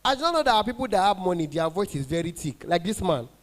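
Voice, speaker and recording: Man, Nigerian English accent, comedian working a party crowd, high voice, banter. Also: very animated, quick pace. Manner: banters with the audience, mixes in pidgin. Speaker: stand-up comedian and event MC.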